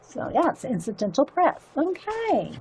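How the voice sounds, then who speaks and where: A woman's voice: high-pitched, wildly swooping pitch, moderate pace, a little mellow. A woman hosting a casual livestream, chatting and giggling as she stumbles through reading aloud. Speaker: livestream host showing zines.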